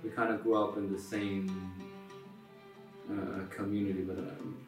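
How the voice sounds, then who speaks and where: A man from Israel with a Yemenite Israeli accent, talking as an interview guest in a halting way, with many restarts. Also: fairly low pitch, steady tone, roomy sound, distant mic, music in the background, low-quality recording. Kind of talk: casual interview.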